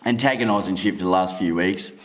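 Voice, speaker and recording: A man with an Australian accent, a boxer guest on a podcast, telling stories in a relaxed way and laughing often. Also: low-pitched, fast. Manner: laid-back storyteller, laughs often, Australian slang. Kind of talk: casual podcast chat.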